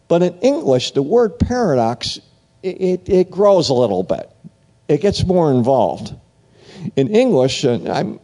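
A man preaching a sermon in an animated way, often restarting phrases and repeating "if you will". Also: medium pitch.

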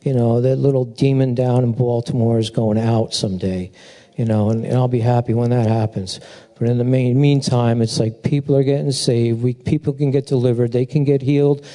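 A man preaching at a memorial service, telling a rambling, animated story in a casual sermon style. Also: normal speed. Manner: rambling storyteller, animated, mimics a chirping bird in a high voice. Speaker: pastor speaking at a memorial. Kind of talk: informal eulogy sermon.

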